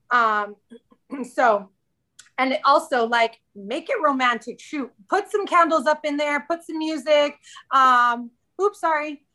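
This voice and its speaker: A woman's voice: high voice, a bit bright. A woman in her thirties, a podcast guest in casual chat, candid and chatty, often quoting herself.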